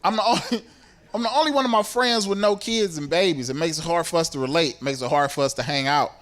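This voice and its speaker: Exasperated high-voiced male comedian. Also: fast, a bit bright. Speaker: stand-up comedian. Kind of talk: stand-up routine. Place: comedy club stage.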